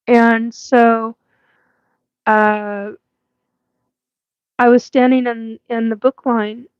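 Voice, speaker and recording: Slow-talking woman in her fifties, laughing. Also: a little high, little pitch movement, darkish tone, clear, resonant tone, dry recording, highs cut off. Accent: US West Coast. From Washington State, USA. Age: 50s. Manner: rambling, laughs often, many fillers. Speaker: livestream host. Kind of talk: casual live chat reading comments.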